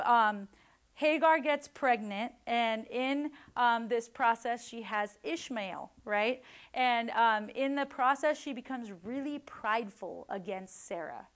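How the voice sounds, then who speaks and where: A woman giving a casual devotional Bible teaching in a chatty way, tagging "right?" and "like," and acting out the people she quotes. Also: a little high. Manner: chatty, many "like" and "right?" tags; acts out quoted people with lively voices.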